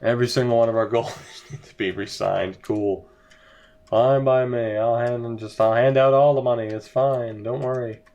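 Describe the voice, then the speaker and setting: A man's voice: medium pitch, fairly even intonation, moderate pace, darkish tone. A young man giving sarcastic, exasperated commentary over a hockey video game as he plays. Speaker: gaming video creator. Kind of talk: let's-play commentary.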